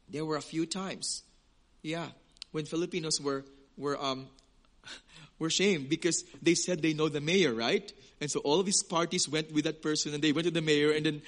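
A man preaching a sermon in an animated way, acting out small scenes and stretching key words slowly for emphasis. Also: fairly high pitch. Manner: animated, acts out little scenes with quoted voices. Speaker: pastor.

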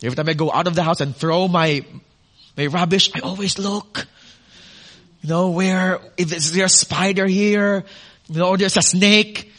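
Male pastor, high bright voice, expressive sermon with questions to the room. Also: moderate pace. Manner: expressive preaching with rhetorical questions and audience asides.

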